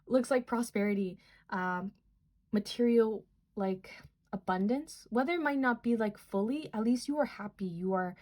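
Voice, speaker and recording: A woman's voice: mid-range voice, a little mellow. Young woman tarot reader, chatty and rambling, earnest tone. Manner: rambling, filler-heavy, earnest. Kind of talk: casual tarot reading.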